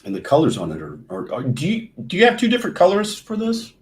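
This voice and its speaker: A man's voice: high-pitched, fast talker. Rambling man hosting. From Kentucky, USA. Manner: rambling, animated storyteller. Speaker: host. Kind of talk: casual livestream chat.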